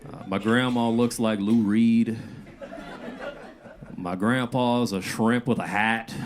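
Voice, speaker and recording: A man doing a rambling, deadpan stand-up set. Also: medium pitch, slow, a faint crowd. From Louisiana. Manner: deadpan, loose and rambling, with filler "uh"s and "like"s. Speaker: stand-up comedian. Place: comedy club stage. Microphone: handheld stage mic. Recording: noisy live club recording.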